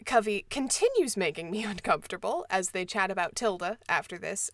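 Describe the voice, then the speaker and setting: A woman's voice: mid-range voice, fairly bright tone, no echo, clean studio sound. A woman hosting a book podcast, summarizing a novel with wry, sarcastic asides. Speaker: podcast host.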